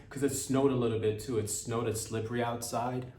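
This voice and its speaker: A man's voice: mid-range voice, steady tone, fast talker, hardly any pauses. Young man, podcast host, comic monologue, rambling and profane, echoey room, distant mic. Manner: rambling, exaggerated, profane, full of restarts. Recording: roomy, from a distance.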